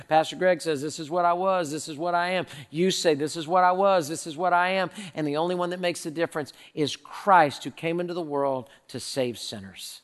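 A man preaching a sermon, moving from hushed, prayerful lines to loud, emphatic ones. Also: on the high side, moderate pace, few pauses, big-room sound. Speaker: pastor.

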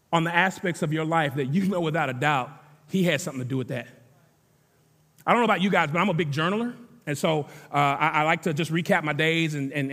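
A man with a notably high voice preaches to his congregation in a casual, talky way, leaning on repetition to drive his points home. His voice rings out with a long reverb tail, as if filling a big sanctuary. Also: fairly bright tone. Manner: conversational preaching with emphatic repetition. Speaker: pastor. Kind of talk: sermon.

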